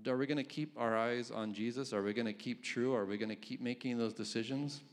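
A man's voice: medium pitch, steady tone, fairly quick. A man preaching a casual, conversational sermon, reading scripture aloud and chuckling between points. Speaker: pastor.

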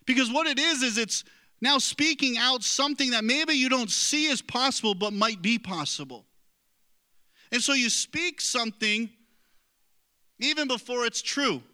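Bright, high-voiced male pastor preaching. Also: animated, moderate pace. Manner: earnest, conversational, self-deprecating. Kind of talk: sermon.

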